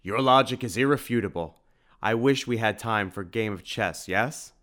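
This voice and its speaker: A man voicing a big, burly, gruff male shopkeeper who talks formally and growls with suspicion, in a storybook reading. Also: lowish voice, normal speed, a bit bright, natural voice. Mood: hearty.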